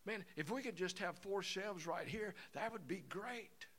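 A man's voice: high-pitched, a little slow, fairly bright tone, slightly rough, voice pushed up, heavily acted. A man voicing a cheerful middle-aged wife who gushes sweetly as she reassures her husband. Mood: gushing.

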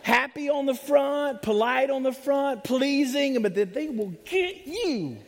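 Preacher, male, high voice, animated and joking, sermon delivery, long church reverb. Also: measured pace, a faint crowd, a little hiss or hum. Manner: animated, humorous, acts out voices of others. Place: church sanctuary.

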